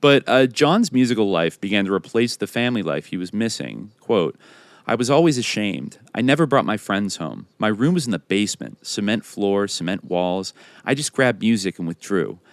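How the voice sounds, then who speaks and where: Deep-voiced podcast host reading aloud. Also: male voice, big pitch swings, normal speed, no echo.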